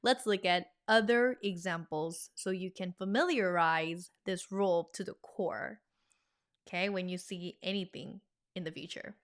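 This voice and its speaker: A woman teaching an online language lesson in an upbeat, animated, teacherly way. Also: on the low side, unhurried.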